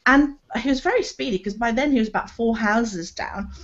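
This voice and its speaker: A woman's voice: a little high, fairly quick, fairly bright tone, dull audio. A woman, a podcast guest chatting casually and bluntly, swearing freely and laughing between phrases, heard over a video call. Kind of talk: casual chat.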